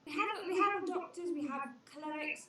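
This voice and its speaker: Hesitant high-voiced woman in an echoey room. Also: moderate pace. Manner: hesitant, stammering, in character. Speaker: player. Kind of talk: casual tabletop role-play. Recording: echoey room, far from the mic, chatter.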